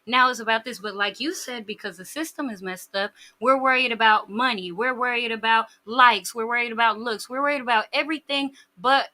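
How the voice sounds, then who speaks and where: A woman's voice: on the high side, pushed and bright. A woman speaking as a guest in a casual podcast chat, blunt and opinionated.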